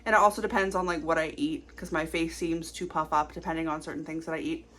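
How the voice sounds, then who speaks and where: Chatty young woman vlogging, rambling fast. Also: low voice, fairly even intonation, fairly bright tone. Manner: chatty, rambling, fast-talking with many fillers. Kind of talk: casual confessional vlog.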